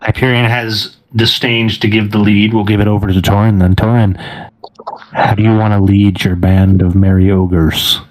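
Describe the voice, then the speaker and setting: A man's voice: on the low side, level tone, normal speed, poor audio. A man running a tabletop game as game master, narrating with frequent laughs. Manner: laughing often, rambling.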